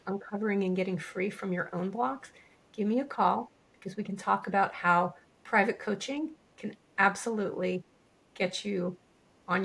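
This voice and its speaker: A middle-aged woman, a veterinarian and coach, co-hosting a podcast and talking listeners through their thoughts in a calm, reassuring way, slowing down to stress key phrases. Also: mid-range voice, slightly rough. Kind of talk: scripted podcast monologue.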